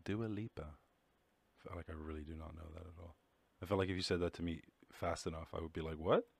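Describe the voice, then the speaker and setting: A young Irish man hosts a podcast on his own, rambling casually, swearing, mocking himself and quickly slipping into mock voices. His voice is low and steady, with vocal fry and a slightly rough edge.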